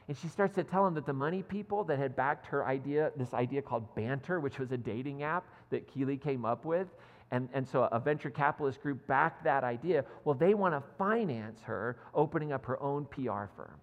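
A man's voice: medium pitch, fairly quick, lo-fi sound. A male pastor giving a sermon in a church, telling a story in a conversational, self-deprecating way. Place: church sanctuary. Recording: long hall reverb.

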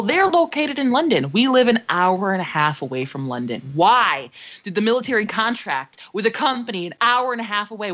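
On a podcast she co-hosts, a young woman relates a dramatic tale full of swearing in a relaxed chat. She speaks at medium pitch with a fairly bright tone, captured in slightly dull, lo-fi sound.

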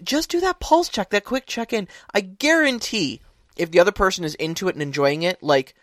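A man's voice: high-pitched, expressive, fairly quick, a bit bright, dry recording, studio quality. Man rambling through tabletop advice. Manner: rambling, restarts often, emphatic. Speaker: podcast co-host, larp player. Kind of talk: casual podcast chat.

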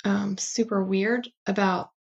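A woman's voice: medium pitch, steady tone, takes it slowly. A woman in her thirties co-hosting a podcast, chatting casually about a TV episode, filling her talk with "like" and acting out quotes. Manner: chatty, many "like" fillers, acts out quotes. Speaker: podcast co-host. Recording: dull lo-fi recording.

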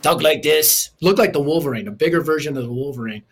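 A man in an interview, telling his life story in an animated, storytelling way. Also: fairly high pitch, fast, slight background noise. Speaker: ministry leader and author.

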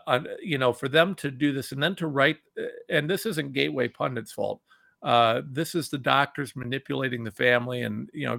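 Fired-up midwestern guy ranting on his show, gravelly bright voice, dry close sound. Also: dry recording. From Ohio. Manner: heated and indignant, swinging between loud outbursts and low muttering. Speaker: talk show host. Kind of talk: impassioned political commentary.

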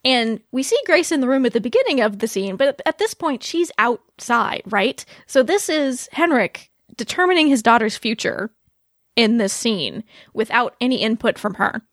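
A woman hosting a podcast, chatting casually about a TV episode, animated and laughing often. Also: normal speed, no room sound, studio quality. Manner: animated, laughs often, quotes scenes in a lowered voice. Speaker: podcast host. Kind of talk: casual TV recap chat.

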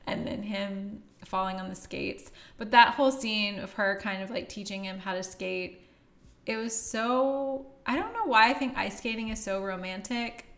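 A woman's voice: medium pitch, moderate pace, fairly bright tone, reverberant. A woman co-hosting a casual movie review chat, laughing often and trailing off mid-sentence. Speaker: podcast co-host.

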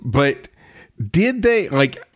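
A man's voice: on the high side, very animated, very slow. A man casually chatting about a film on a podcast, laughing often and rambling with fillers. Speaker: podcast host reviewing a film. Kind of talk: casual chat.

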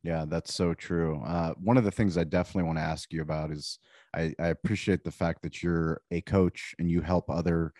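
A man's voice: low-pitched, steady tone, a little fast, warm tone, no echo, studio quality. A man hosting an interview, asking questions and offering frequent supportive affirmations. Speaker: podcast host.

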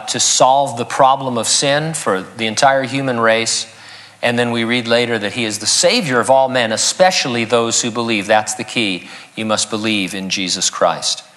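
A man's voice: medium pitch, sharp tone. A man preaching an expository sermon as a pastor, earnest and teaching, reading scripture aloud.

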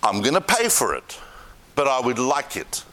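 A man's voice: mid-range voice, huge pitch swings, moderate pace, sharp tone. A man voicing a demanding king who presses to buy a field while retelling a story. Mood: insistent. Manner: insistent, pushy. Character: demanding grown male king, wheedling.

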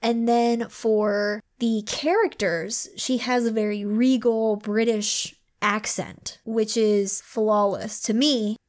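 Woman co-host, chatty and effusive, slightly high voice, casual book talk. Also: fairly even intonation, slow pace, hardly any pauses. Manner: gushing, chatty, laughs often. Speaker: podcast co-host.

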